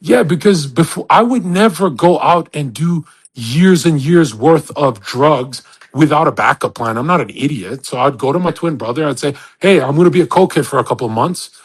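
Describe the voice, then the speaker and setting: Male host, casual audio-chat rant, crude and boastful, husky and a little high. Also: expressive, normal speed, hardly any pauses. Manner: rambling, with many restarts and acted-out quotes.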